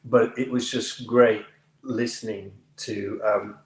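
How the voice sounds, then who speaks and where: A man from the United Kingdom, an actor, telling anecdotes in an interview with lively delivery and frequent laughter. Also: on the low side, takes it slowly. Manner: lively storyteller, laughs often, acts out other voices. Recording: roomy echo.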